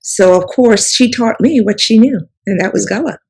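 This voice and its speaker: A woman's voice: medium pitch, normal speed, vocal fry, a little mellow, husky, rough recording. Woman. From South Carolina Sea Islands. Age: 70s. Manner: rambling, filler-heavy, restarts with "you know". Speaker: author and storyteller guest. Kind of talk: reminiscing interview talk.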